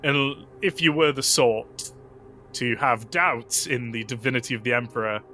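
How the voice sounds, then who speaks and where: A man's voice: mid-range voice, steady tone, moderate pace, bright, forceful tone. A man running a tabletop role-playing game as game master, telling the scene in vivid, gory detail with casual fillers.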